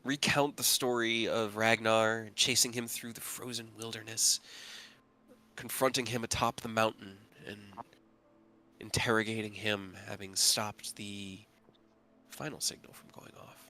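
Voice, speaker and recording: Male game master, casual rambling narrator, crisp bright tone. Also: fairly low pitch, flat delivery, unhurried.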